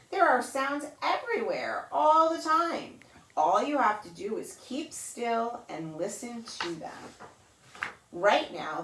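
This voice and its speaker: Animated woman reading a kids' story. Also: far from the mic. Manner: animated, mimics sounds in a high playful voice. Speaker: children's yoga teacher. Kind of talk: reading a picture book aloud to children. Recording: roomy echo, voice off-mic.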